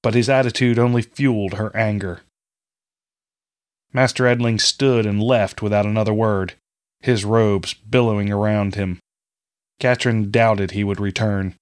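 A man reading a fantasy story aloud in a measured, steady storytelling manner. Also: on the low side. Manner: measured storytelling, reading all parts himself. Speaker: audiobook narrator. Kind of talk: scripted fantasy narration.

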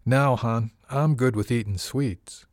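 A man's voice: medium pitch, slow, no room sound, studio quality, lightly acted. A man voicing a crude, leering male passenger who drawls his mocking jabs in an audiobook reading.

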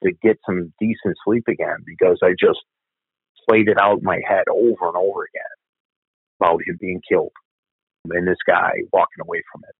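Here a low-pitched man keeps a steady tone at a brisk pace, his voice gravelly and slightly rough, with no echo and narrow, tinny audio. The middle-aged cop bluntly and profanely relates a family tragedy in a candid interview, repeating himself as he recalls, in conversational storytelling.

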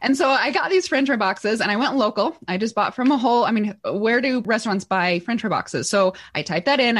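A middle-aged woman, a podcast guest, telling stories with lots of energy, laughing often and acting out quotes. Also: mid-range voice. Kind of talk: energetic interview storytelling.

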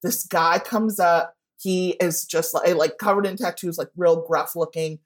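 A woman telling a story in a casual interview, talking chattily with lots of "like" and animated quoted asides. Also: on the low side, unhurried. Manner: chatty, heavy use of "like", animated quoting. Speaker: guest writer.

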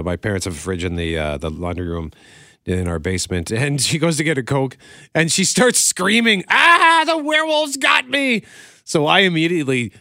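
A man's voice: mid-range voice, fairly bright tone, no echo, clean studio sound. Chatty man in his forties telling stories. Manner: chatty, storytelling, laughs often. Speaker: radio show host reviewing movies. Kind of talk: casual chat.

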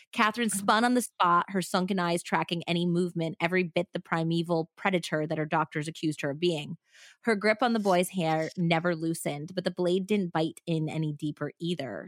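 A woman's voice: lowish voice, dry recording. A woman co-hosting a true-crime podcast, reading a story aloud and chatting casually about it into a close mic. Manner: reads narration then chats casually with fillers. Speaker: podcast co-host.

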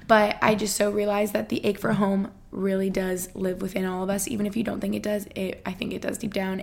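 A woman's voice: medium pitch, gravelly. A young woman in her twenties hosting a casual solo podcast, chatty and bubbly with lots of fillers. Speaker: podcast host.

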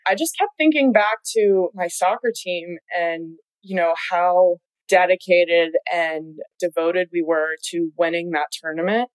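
A young woman, a college athlete, tells her story as a guest in a casual chat, laughing often and saying "like" a lot. Her fairly low voice is steady and a little slow with hardly any pauses, in a low-quality recording with no echo.

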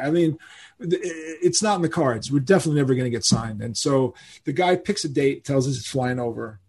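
An older man, telling animated stories as a guest in a podcast interview and acting out the people he quotes. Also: mid-range voice, quick pace, breathy edge. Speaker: guest musician.

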